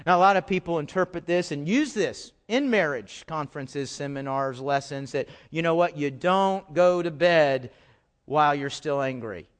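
A middle-aged man preaching a sermon, swinging from loud, emphatic outbursts to quiet, low asides and often repeating words as he stresses a point. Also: normal speed. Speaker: pastor.

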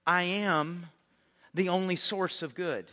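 A man preaching a sermon in a lively, conversational way, often repeating words as he restarts his sentences. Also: high-pitched, slow pace. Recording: echoey hall with long reverb.

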